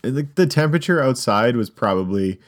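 A man's voice: medium pitch, expressive, fairly quick. A man co-hosting a podcast, telling a rambling story in casual banter, with lots of fillers. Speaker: podcast co-host.

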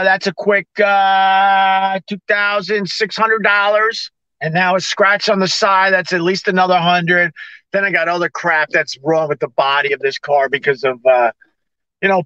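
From the driver's seat of a car parked on a city street, a vlogger rants to his live stream by phone in a casual monologue. His high, bright voice has fairly even intonation at normal speed, and the sound is dry, a bit dull and lo-fi, with no room sound. Fed up and sarcastic, he mimics everyone he quotes, playing both sides of conversations.

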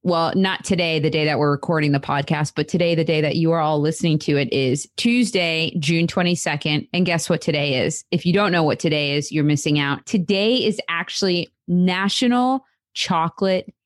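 A woman's voice: deep voice, moderate pace, no echo. A woman co-hosting a podcast in casual, chatty talk, giggling and wandering into asides. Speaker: podcast co-host.

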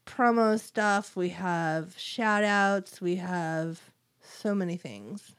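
A young woman chats and giggles through a laid-back podcast, her voice a little hoarse because she is losing it. She sits somewhat low for a woman and reads listener notes aloud in an easy, joking way. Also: takes it slowly. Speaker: podcast co-host. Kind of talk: casual chat.

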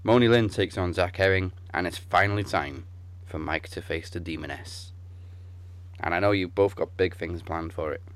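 A man's voice: low voice, normal speed, no echo. A man announcing upcoming wrestling matches in an upbeat, hyped delivery. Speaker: show announcer. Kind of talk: promo announcement.

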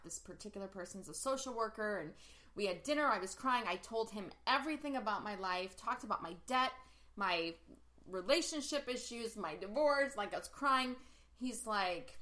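A woman co-hosting a podcast, telling a personal story in casual chat and acting out quotes with big jumps in pitch. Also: moderate pace, sharp tone. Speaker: podcast co-host and workshop leader.

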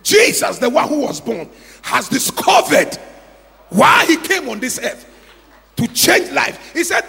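A man preaching a sermon, telling the story dramatically and swinging from hushed tones to shouts. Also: very high voice, big pitch swings, measured pace, vocal fry, long reverb tail. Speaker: pastor.

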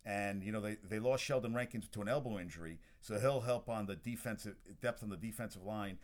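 A man's voice: fairly low pitch, fairly quick. A man hosting a sports podcast, chatting casually about games as he watches one, rambling with restarts and asides. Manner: chatty and excitable about scores. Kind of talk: casual sports talk while watching a game.

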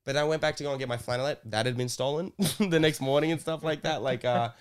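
A man's voice: medium pitch, fast, clean tone. A man, co-hosting a comedy podcast and telling a story in a rambling way, full of fillers. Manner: rambling, filler-heavy, laughing. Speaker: podcast co-host. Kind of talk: casual storytelling.

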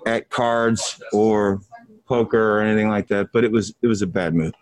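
A man's voice: lowish voice, fairly even intonation, moderate pace. A middle-aged man, a musician, telling a rambling, profane tour story to a room, often breaking into laughs.

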